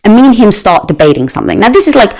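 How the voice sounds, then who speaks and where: A middle-aged woman telling a personal story in conversation, animated and acting out the lines she quotes. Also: mid-range voice, rapid-fire, rough recording. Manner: animated, acts out quoted dialogue. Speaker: guest.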